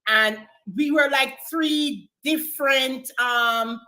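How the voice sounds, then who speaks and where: A woman with a Jamaican accent, chatting casually and thoughtfully recalling her college days, with pauses and fillers. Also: sits high, bright, forceful tone, poor audio. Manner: reflective, storytelling with pauses and fillers. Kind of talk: casual chat.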